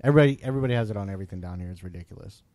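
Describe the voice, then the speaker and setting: A man hosting a podcast, telling a story in a casual, animated way and acting out what people said. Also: low voice, very fast. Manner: animated, acts out quoted voices, laughs often. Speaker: podcast host.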